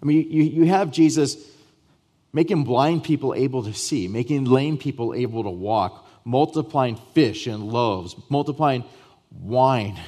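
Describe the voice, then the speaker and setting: A man pastor preaching a sermon to his church, emphatic, with repeated starts and swings between loud and soft. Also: mid-range voice, unhurried. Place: church sanctuary.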